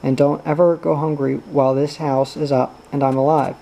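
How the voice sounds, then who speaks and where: A man's voice: fairly high pitch, flat delivery, moderate pace, creaky, dark tone, rough recording. A man voicing an older widowed farm woman, pious and weary, speaking plainly and mournfully.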